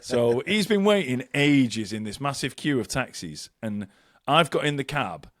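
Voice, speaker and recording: Podcast cohost guy, really animated, bouncy pitch, does little voices for quotes, dry mic. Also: unhurried, dry recording. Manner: animated storyteller, acts out quotes. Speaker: podcast co-host. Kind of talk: casual chat.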